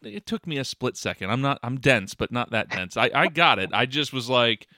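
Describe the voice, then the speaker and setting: A man's voice: medium pitch, lively intonation, moderate pace, sharp tone, no echo, studio quality. A man co-hosting a podcast, chatting casually and giving firm opinions while stammering and repeating words. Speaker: podcast co-host. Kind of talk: casual chat.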